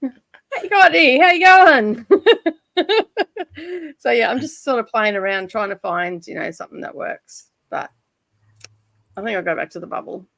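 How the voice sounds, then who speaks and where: A woman's voice: medium pitch, brisk, gravelly, a bit bright, dry recording. Chatty Australian woman, dry close sound. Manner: chatty, swears lightly, laughs often. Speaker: livestream host of reading sprints. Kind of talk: casual chat. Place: home room by a side street.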